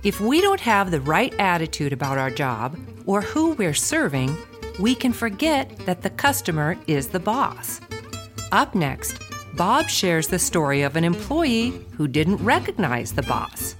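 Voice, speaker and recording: A woman gives scripted podcast narration in a lowish voice with lively, expressive pitch. A fiddle tune plays clearly beneath her smooth, measured links between the segments. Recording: music clearly underneath.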